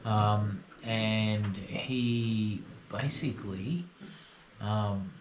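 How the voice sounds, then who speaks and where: Slow-talking male game master. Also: on the low side, echoey room, noisy background. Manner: unhurried, halting with fillers. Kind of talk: running a tabletop game.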